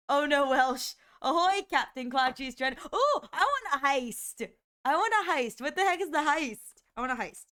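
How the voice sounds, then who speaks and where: A woman live-streaming, chatting casually to her viewers with excitable exclamations and frequent giggles. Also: high-pitched, moderate pace.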